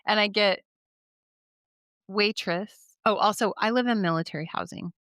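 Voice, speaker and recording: A woman co-hosting a spooky podcast, talking in a hesitant, soft-spoken way with many fillers. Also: medium pitch, a little slow, long pauses, no echo, studio quality. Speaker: podcast co-host. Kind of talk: casual chat.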